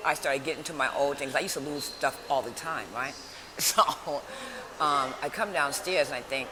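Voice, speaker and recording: A woman motivational speaker talking casually to her viewers in a lively, chatty storytelling way, recorded indoors at a shelter. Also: rumbling low, moderate pace. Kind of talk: casual vlog talk. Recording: noisy background.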